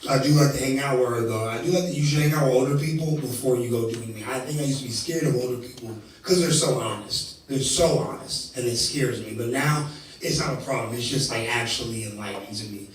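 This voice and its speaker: A man's voice: mid-range voice, fast, a little hiss or hum. Male stand-up comic from Indiana, profane and self-deprecating, recorded live from a distance. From Indiana, USA. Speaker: stand-up comedian. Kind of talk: live stand-up comedy set. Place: live comedy venue. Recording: echoey venue from far off with crowd.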